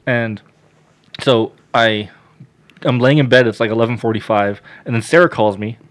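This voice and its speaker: A man on a casual podcast, telling a story with lots of swearing and loud acted-out quotes. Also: medium pitch, moderate pace.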